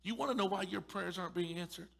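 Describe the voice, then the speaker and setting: Pastor guy preaching hard, sarcastic, drops to a hush sometimes, echoey church hall. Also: high-pitched, fast, vocal fry, slightly rough. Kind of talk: sermon. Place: church sanctuary.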